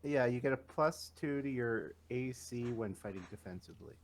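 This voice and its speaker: A man acting as game master, running a tabletop game with animated, laughing banter. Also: mid-range voice, normal speed, a little hiss or hum.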